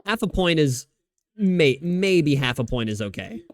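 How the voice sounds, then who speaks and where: A man's voice: fairly high pitch, very animated, measured pace, no room sound. A man streaming live, chatting casually and rambling about football, often restarting his sentences and swearing freely. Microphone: desk microphone.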